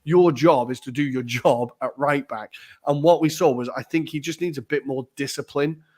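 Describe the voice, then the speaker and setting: A man's voice: mid-range voice, normal speed, a little mellow. A man co-hosting a podcast, chatting casually and animatedly about football, swearing now and then. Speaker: podcast co-host.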